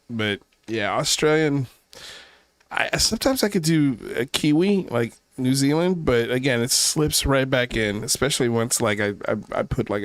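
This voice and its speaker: A man's voice: mid-range voice, fairly bright tone, no room sound. A man hosting a skeptical online commentary show, talking casually with a sarcastic, profane edge.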